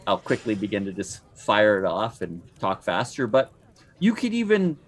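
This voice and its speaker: Male tabletop player on a podcast, quick, eager delivery. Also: lowish voice, very animated. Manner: fast-talking, eager. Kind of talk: casual discussion.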